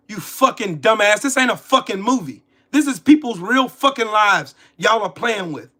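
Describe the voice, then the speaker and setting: A man's voice: high-pitched, expressive, normal speed, few pauses, pushed and bright. A man in his forties ranting about politics, heated, profane and repetitive, saying he is pissed off and has a headache. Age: 40s. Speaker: political commentary streamer. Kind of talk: angry ranting commentary.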